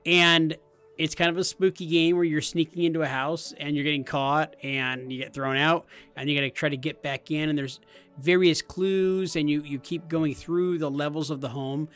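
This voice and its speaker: A man in his thirties, a podcast co-host, chatting casually and acting out game moments with loud outbursts. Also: moderate pace, smooth, faint music behind. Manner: animated, acts out game moments in loud high voices. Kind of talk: casual chat.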